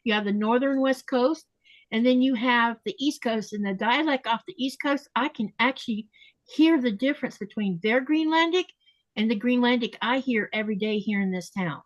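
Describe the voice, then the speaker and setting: A woman hosting a casual podcast chat, talking easily and slowing down to spell out how words are said. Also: fairly high pitch, no room sound, highs cut off. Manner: chatty, explains pronunciation slowly and repeats words. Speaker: podcast host.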